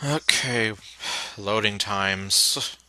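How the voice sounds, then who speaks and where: Casting: male game streamer, low but very bright, cutting voice, casual joking commentary, game music low underneath. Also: drawn-out words, no room sound. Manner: joking, sardonic asides to the game.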